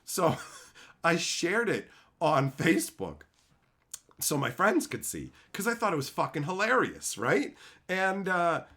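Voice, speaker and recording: A man telling a profane, animated story in a casual rant on his video channel, laughing often. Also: fairly high pitch, slow. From Canada. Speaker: YouTube host.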